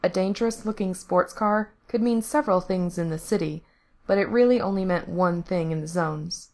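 A woman reading a story aloud, her voice sitting a little low. Her delivery is steady and measured, line by line, as she narrates.

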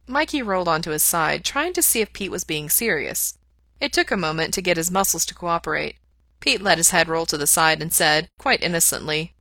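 A woman reading a story aloud in a steady, even voice. Her pitch sits a bit low, but her tone is bright and crisp. The recording is close and dry. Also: brisk, no echo. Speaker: audiobook reader. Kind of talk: fan fiction read aloud.

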